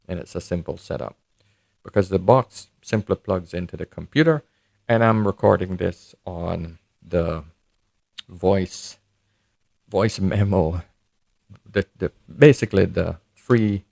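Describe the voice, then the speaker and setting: A man's voice: low voice, creaky, a little mellow, no echo. A man giving a casual review to camera, talking chattily to his viewers through a desk condenser mic at home. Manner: chatty, addresses viewers as guys. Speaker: tech reviewer. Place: home setup, not a studio. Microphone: studio condenser mic on desk.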